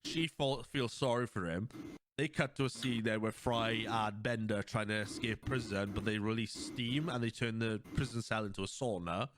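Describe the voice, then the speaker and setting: A young man talks through his favorite scenes on a casual podcast. He rambles and gets animated, and a faint hiss sits under his voice. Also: fairly low pitch, normal speed. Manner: rambling, animated retelling with laughs. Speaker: podcast host. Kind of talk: casual chat.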